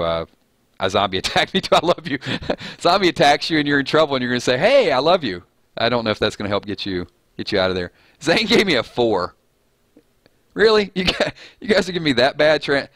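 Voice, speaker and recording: Bright-voiced rambling stream host man. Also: medium pitch, no room sound. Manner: rambling, self-deprecating, laughs at his own jokes. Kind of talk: casual live-stream chat.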